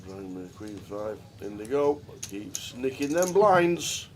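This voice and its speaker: A man's voice: medium pitch, sing-song, slow, background noise. A man doing live poker commentary, chatty and jokey, with rambling asides. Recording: crowd chatter of a live card room.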